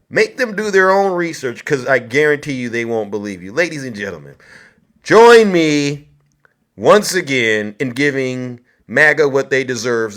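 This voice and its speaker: Male livestream host, political commentary, higher voice, loud, mocking, repetitive. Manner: loud, mocking, repeats himself.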